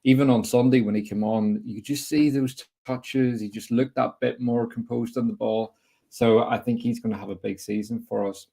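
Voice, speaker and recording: A young man hosts a casual football podcast, chatty and opinionated as he fires quick questions at his guest. His voice is medium-pitched, steady, creaky and mellow.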